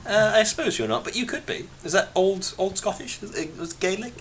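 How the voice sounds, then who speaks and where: Male co-host, very expressive pitch, dry musing asides. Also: fairly quick, a little hiss or hum. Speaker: podcast co-host. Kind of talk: casual chat.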